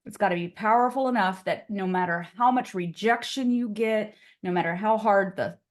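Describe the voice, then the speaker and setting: A woman teaching real estate agents on a live video call. Her delivery is energetic and chatty, scattered with "like" and "okay?" as she pushes the group along. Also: mid-range voice, moderate pace. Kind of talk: live online class coaching.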